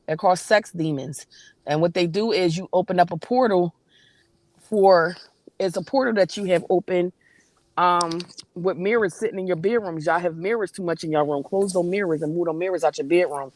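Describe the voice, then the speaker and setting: A woman with a lowish, slightly mellow voice speaks at a normal speed as a guest on a spiritual talk panel in a casual livestream chat. She comes across emphatic, preachy and blunt, with some swearing.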